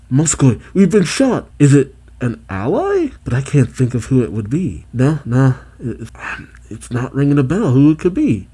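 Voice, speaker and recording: A man's voice: mid-range voice, mellow, slightly rough. A man reading a manga chapter aloud, quoting the characters' lines plainly and breaking off into his own reactions.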